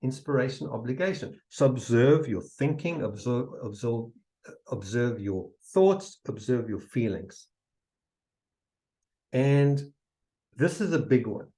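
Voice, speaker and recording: A man giving a motivational seminar talk, emphatic and repetitive, sometimes dropping to a soft near-whisper to demonstrate. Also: mid-range voice, expressive, slow, rough recording. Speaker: seminar speaker.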